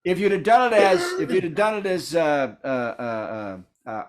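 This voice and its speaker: A man's voice: on the high side, moderate pace. A man co-hosting a comedy show over a video call, chatting hesitantly with lots of filler sounds. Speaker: co-host. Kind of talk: casual chat.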